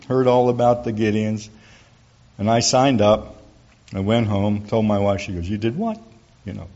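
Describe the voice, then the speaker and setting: A man's voice: fairly low pitch, a little mellow. A middle-aged man telling a folksy church testimony to an audience, acting out the people he quotes. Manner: folksy storytelling, acts out quoted dialogue. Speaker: church speaker giving a testimony. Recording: dull lo-fi recording.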